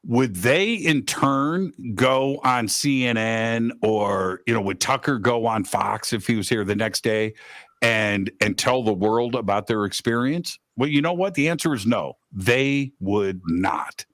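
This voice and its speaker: A man's voice: medium pitch, unhurried, a bit bright, no room sound, clean studio sound. A man hosting a radio talk show, emphatic and repeating points for stress. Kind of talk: casual radio chat. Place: Los Angeles.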